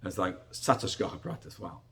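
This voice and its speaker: A man's voice: brisk, fairly bright tone. A middle-aged man, a rabbi, giving a conversational sermon-style Torah class, often restarting his phrases and acting out little dialogues. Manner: conversational, repetitive restarts, acts out salesman dialogue.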